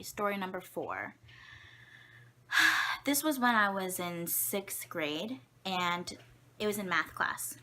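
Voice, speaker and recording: A woman's voice: medium pitch, pushed and bright, slight background noise. A young woman telling childhood stories to camera in a chatty, rambling, self-mocking way. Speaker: vlogger. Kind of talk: casual storytelling to camera.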